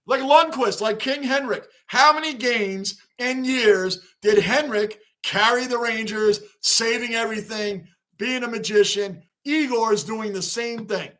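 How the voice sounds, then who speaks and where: A bright, high-voiced man hosts a casual fan livestream. He talks straight to his chat, gets worked up and emotional about his team, and keeps a chummy tone with the regulars. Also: unhurried, hardly any pauses. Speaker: livestream host.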